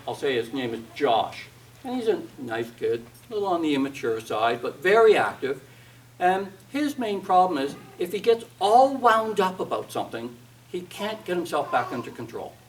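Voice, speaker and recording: A man giving a seminar talk on discipline, telling stories and acting out what parents, teachers and children say, with dry humor. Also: high voice. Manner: storytelling, acts out quoted parents and kids, wry humor. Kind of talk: seminar talk with acted anecdotes. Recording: distant mic with faint background noise.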